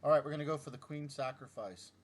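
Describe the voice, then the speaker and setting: A man's voice: medium pitch, fast talker, heavy background noise. A middle-aged man casually thinking aloud as he works through chess puzzles, muttering move by move and teasing himself when he slips. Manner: mutters through moves, self-deprecating outbursts. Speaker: chess YouTuber solving puzzles.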